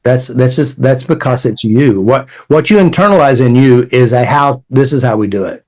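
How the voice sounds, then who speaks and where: A man's voice: mid-range voice, animated, moderate pace, darkish tone. A man hosting a conversational talk, telling client anecdotes with wry asides and acted-out quotes. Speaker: therapy method creator and podcast host. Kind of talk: conversational storytelling.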